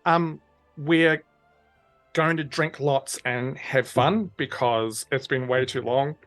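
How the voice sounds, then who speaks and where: A woman narrating as game master, acting out characters with lively voices and frequent fillers. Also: very deep voice, unhurried, soft background music.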